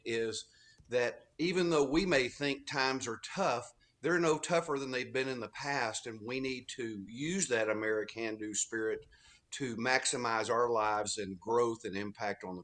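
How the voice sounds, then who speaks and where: A man from Texas speaks as a guest author on a talk radio show, his pitch sitting in the middle of the range. He tells his stories earnestly and steadily. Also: unhurried, a bit bright. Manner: earnest storytelling. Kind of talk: phone-in radio interview.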